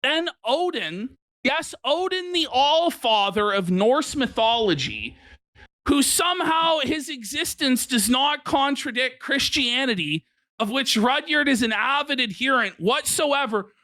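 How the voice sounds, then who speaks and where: A man co-hosting a live reaction stream, mocking what he is watching in disbelief and swearing freely. He speaks slowly, and his voice is bright and edgy. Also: very high voice, animated. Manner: mocking, incredulous, swears often. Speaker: stream co-host.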